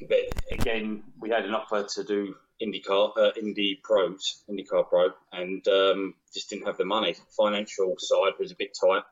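A man's voice: deep voice, dull audio. A man, a guest racing driver, answering interview questions hesitantly with many ums. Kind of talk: podcast interview.

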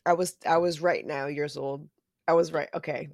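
Low-voiced joking woman, dry sound. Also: steady tone, normal speed, gravelly, a little mellow, no room sound. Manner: joking, blunt, swears, thinks aloud with fillers. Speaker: podcast co-host. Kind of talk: casual chat.

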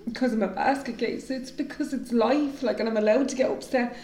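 A woman's voice: a little high, fairly even intonation, a little fast, a little mellow. A woman, talking frankly and emotionally as a podcast co-host, swearing freely. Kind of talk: candid casual chat. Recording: roomy echoey room.

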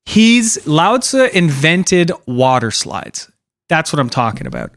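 A man's voice: fairly high pitch, very animated, slow, a bit bright, dry recording. A young man hosting a casual comedy podcast, rambling loosely, swearing a lot and acting out voices. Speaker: podcast host.

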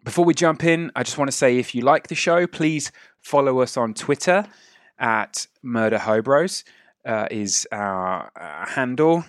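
A man's voice: mid-range voice, lively intonation, unhurried, no room sound, studio quality. A man hosting and narrating a tabletop game as game master, describing scenes at length with many fillers.

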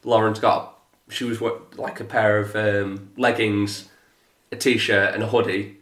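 Guy ranting through a story, swears a lot, bright voice, roomy echo. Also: measured pace. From England. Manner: animated, swearing, mimics others in a flat lowered voice. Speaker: podcast co-host. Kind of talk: casual storytelling chat. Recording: echoey room.

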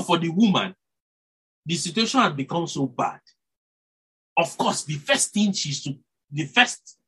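Guy preaching, swings way up and down, bit husky, restarts lines a lot. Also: a little high, poor audio. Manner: animated, rises and drops for emphasis, self-corrects, chuckles. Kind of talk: sermon.

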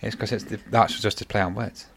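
A man's voice: lowish voice, steady tone, fairly quick, a bit bright, slightly rough. A middle-aged father, hosting a casual family podcast and telling stories in a rambling, self-correcting way.

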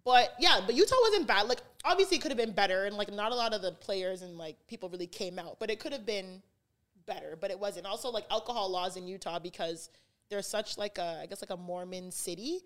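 A young adult woman, a podcast guest, telling stories in casual chat, animated and full of "like", acting out the quotes. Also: mid-range voice, fairly quick. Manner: animated, heavy use of "like", acts out quotes.

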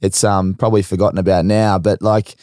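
A man with an Australian accent hosting a casual podcast interview, asking probing questions in a relaxed, conversational way. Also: sits low, fairly quick, no echo, clean studio sound. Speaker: podcast host, former footballer.

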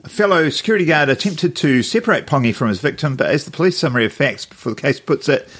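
A man's voice: a little high, animated, fast, fairly bright tone, slightly rough. A man co-hosting a casual podcast, laughing often and reading a news story aloud with plenty of ums. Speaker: podcast co-host.

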